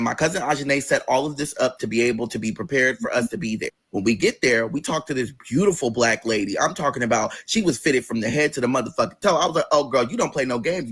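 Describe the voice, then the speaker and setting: A man telling a personal story in a casual vlog, animated and profane, acting out the other people's voices. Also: mid-range voice, slightly rough. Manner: animated, swears often, acts out voices. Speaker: vlogger.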